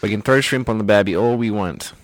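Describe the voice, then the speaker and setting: A man's voice: lowish voice, quick pace, no room sound, lightly acted. A man voicing a jokey Australian bloke in a put-on Australian accent, playful and exaggerated. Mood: joking.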